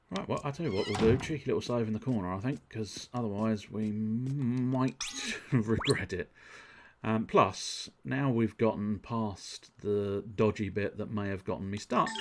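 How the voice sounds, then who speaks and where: A man's voice: fairly low pitch, gravelly. A man giving wry, sweary, self-mocking commentary while streaming a game. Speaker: let's play host. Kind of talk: live game playthrough commentary. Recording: game music underneath.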